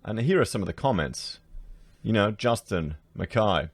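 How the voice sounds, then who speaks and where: A man's voice: lowish voice, lively intonation, normal speed, slightly rough, no room sound. An Australian man chatting casually to his viewers, sarcastic as he browses house listings and addresses them as guys. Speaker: political commentator.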